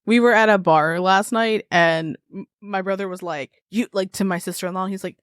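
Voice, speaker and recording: A woman co-host chatting casually on a podcast, wandering off on tangents and breaking into laughter. Her voice sits at a middling pitch. The sound is close and dry, with no room around it. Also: steady tone, moderate pace, no room sound. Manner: laughs often, rambling tangents. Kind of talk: casual chat.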